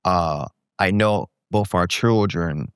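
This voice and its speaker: Smooth-voiced man in his forties, storytelling. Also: low voice, slow, no room sound, clean studio sound. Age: 40s. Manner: animated, acts out quoted voices. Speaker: guest entrepreneur. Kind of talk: candid podcast storytelling.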